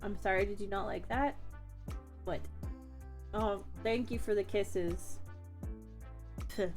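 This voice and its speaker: A woman's voice: medium pitch, fairly even intonation, unhurried, darkish tone, soft background music. A young woman streamer chatting casually with her chat from home, answering comments and laughing often.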